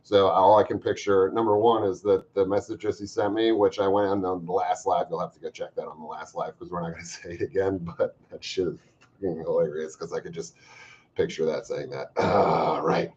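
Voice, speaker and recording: Low guy swearing and joking on a live stream, kinda dull lo-fi sound. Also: steady tone, a little fast. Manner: profane, joking, bursts of loud emphasis. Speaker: livestream host reading viewer comments. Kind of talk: casual livestream chat. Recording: slightly dull lo-fi stream audio.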